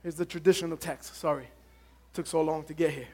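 A man's voice: a little high, steady tone, a little fast, darkish tone. A male pastor preaching a sermon to his congregation, impassioned and calling out to the church.

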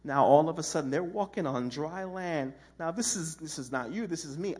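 A man's voice: on the high side, brisk, few pauses, a little mellow. A man giving a casual, humorous sermon as a preacher, telling a story with slang and acted-out voices.

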